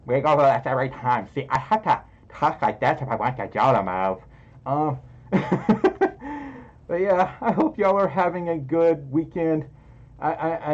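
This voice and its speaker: Reading donations aloud on his casual livestream, this host is chatty and prone to giggling. His voice is a little high and a little mellow, heard through a muffled mic in lo-fi quality.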